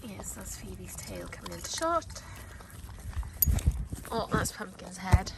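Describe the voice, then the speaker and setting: A woman's voice: expressive, slow pace, creaky, heavy background noise. A woman chatting casually to camera while walking her dogs outdoors, a little breathless on the hills. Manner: chatty, talks to her dogs in a high coaxing voice. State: out of breath on a hill. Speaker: dog breeder vlogger. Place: outdoors on a countryside walk.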